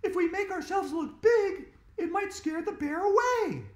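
A man voicing a bossy know-it-all schoolgirl who shouts orders in a shrill voice. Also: lively intonation, unhurried. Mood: commanding. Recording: roomy echo.

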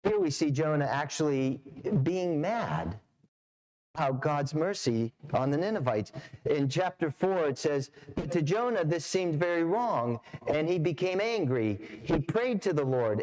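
A man's voice: on the high side, lively intonation, measured pace, darkish tone. A middle-aged man preaching a sermon as pastor, storytelling with animation and acting out voices. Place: church sanctuary.

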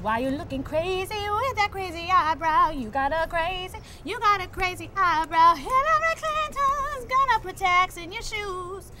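A woman's voice: very high-pitched, animated, moderate pace, hardly any pauses, heavy background noise. A woman voicing a brash, boastful female R&B singer in an improvised audition, slangy and breaking into vocal riffs.

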